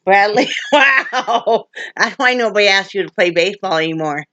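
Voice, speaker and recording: An older woman from Wyoming, vlogging in casual, rambling chat to her viewers, emotional and quick to laugh. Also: medium pitch, expressive, sharp tone, no room sound, dull audio. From Wyoming, USA.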